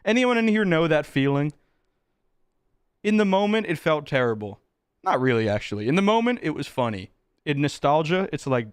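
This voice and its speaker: Dude streaming and goofing off with chat, kinda high voice, smooth and clean, dry close mic. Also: male voice, moderate pace, long pauses, no echo. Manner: animated, joking, swearing, reacting to chat. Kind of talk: casual livestream chat. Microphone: close desk mic with headphones.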